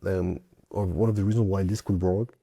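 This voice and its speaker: A man's voice: sits low, fairly even intonation, a little fast, gravelly, warm tone, breathy edge, dry recording. A man hosting a casual chat, talking loosely with many fillers and asides. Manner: chatty, many fillers and hedges. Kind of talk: casual conversation.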